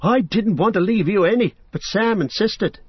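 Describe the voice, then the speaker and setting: A man voicing a cheerful, chatty young male hobbit in a high, eager, inquisitive voice while reading an audiobook. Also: moderate pace, breathy edge, no room sound. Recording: dull, dry recording.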